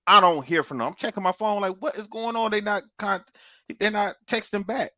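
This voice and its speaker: Animated bright-voiced man telling a story. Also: sits high, a little fast, slight background noise. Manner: animated, profane, laughs through his story. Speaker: podcast co-host. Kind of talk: casual storytelling on a podcast.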